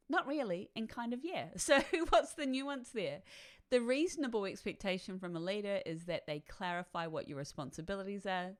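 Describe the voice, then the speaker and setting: A woman with a somewhat low voice leads a guided self-reflection talk. She coaches in a chatty way, checks in with her listeners and often laughs lightly between points. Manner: warm, chatty coaching with frequent "right?" tags and laughs. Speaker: author and workshop guide.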